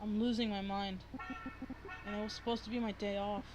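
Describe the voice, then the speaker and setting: A woman's voice: medium pitch, level tone, fairly quick, noisy background, close to an everyday voice. A woman voicing a weary young male lawyer, reading game dialogue plainly over game music.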